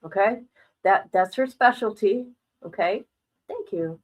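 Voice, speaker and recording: A middle-aged woman chats frankly to her viewers on a casual livestream. She is blunt, holds nothing back and laughs often between remarks. Her voice sits at a moderate pitch for a woman. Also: measured pace, poor audio. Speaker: livestream host.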